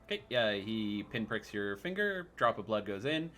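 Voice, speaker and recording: A man narrating as game master in a tabletop game, talking in a halting way with many fillers. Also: lowish voice, sing-song, a bit bright, a little hiss or hum.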